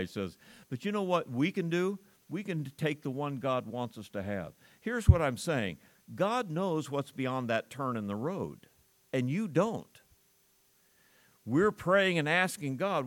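A man's voice: medium pitch, big pitch swings, measured pace, a bit bright, dry recording. An older man preaching a sermon, talking it through in a conversational way with rhetorical questions and read-aloud scripture.

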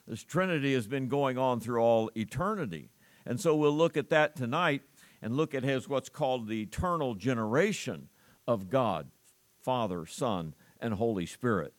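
Slow-talking preacher guy, leans hard on key words, dry close sound. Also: medium pitch, no room sound. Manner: emphatic, slows and swells on key words. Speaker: pastor. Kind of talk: sermon.

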